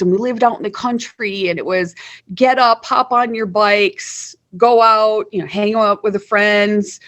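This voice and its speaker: A woman's voice: medium pitch, fairly bright tone. A woman in her forties from Wisconsin, candidly telling her life story as an interview guest, often repeating words. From Wisconsin, USA. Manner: candid, conversational, repeats words when emotional.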